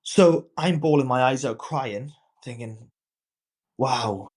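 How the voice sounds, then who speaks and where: A man's voice: mid-range voice, slow, a little mellow, breathy edge. A man in his thirties, a podcast guest and coach, casually telling a personal story and acting out the quoted dialogue.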